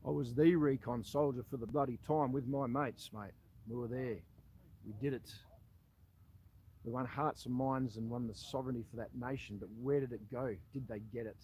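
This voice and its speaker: A man's voice: medium pitch, fairly even intonation, normal speed, darkish tone, slight background noise, rough recording. Confrontational Australian man saying "mate". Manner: confrontational, addresses listener as "mate" constantly. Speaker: former army recon soldier. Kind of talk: direct-to-camera appeal.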